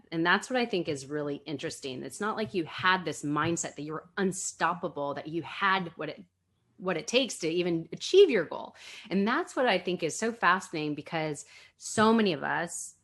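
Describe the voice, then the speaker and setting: Podcast host lady, lowish voice, enthusiastic, lots of "that's so amazing". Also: lively intonation, moderate pace, fairly bright tone. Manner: enthusiastic, affirming, asks reflective questions. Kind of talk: casual interview chat.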